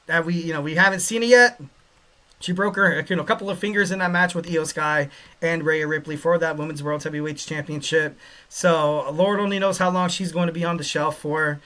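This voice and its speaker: Male podcast host, casual rambling commentary, higher register. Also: steady tone, brisk, sharp tone. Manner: rambling, joking, lots of fillers.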